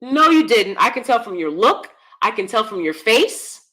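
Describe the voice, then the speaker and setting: A woman's voice: mid-range voice, animated, normal speed, bright, forceful tone. A woman hosting live-stream commentary, blunt and emphatic, often repeating herself. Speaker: commentary channel host.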